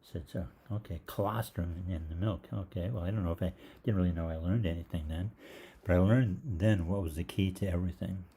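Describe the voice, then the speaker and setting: A man's voice: low-pitched, brisk, few pauses, mellow, breathy edge. An older man, a holistic gastroenterologist, telling a rambling story in a live Q&A, with many fillers. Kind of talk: live Q&A monologue.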